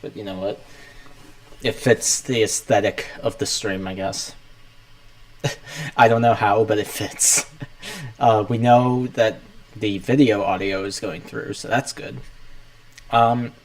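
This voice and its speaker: A man's voice: fairly low pitch, a little mellow, poor audio. A young man hosting a casual livestream, rambling loosely as he talks himself through setting things up.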